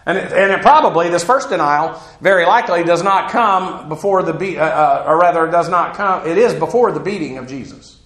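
A man's voice: on the high side, a little fast, hardly any pauses, a bit bright, reverberant. A man teaching through a Bible passage verse by verse, folksy and digressive, with asides and chuckles.

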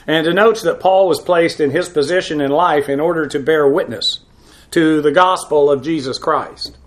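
Going verse by verse through the Bible, this man, a pastor, teaches in a halting manner packed with "uh" fillers. His voice sits a little high, and he offers blunt, candid asides along the way.

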